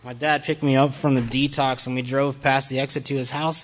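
Guy telling his recovery story to a room, swears a lot, jokes at himself, mid-pitched voice. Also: level tone, a little fast. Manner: profane, blunt and self-mocking. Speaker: recovery speaker addressing a group. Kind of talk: candid personal testimony talk.

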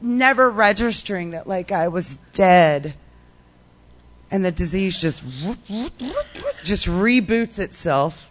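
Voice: medium pitch, slow, pauses often, noisy background. Candid speaker telling a recovery story. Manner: candid and animated, acts out past dialogue; peppers speech with "like" and "you know". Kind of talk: personal recovery story told to a meeting.

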